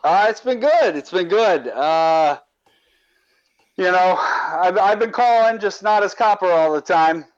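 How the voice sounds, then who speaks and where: A man's voice: high-pitched, lively intonation, measured pace, muffled recording. A man co-hosting a podcast, chatting casually. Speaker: podcast co-host. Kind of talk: comic song, then casual chat.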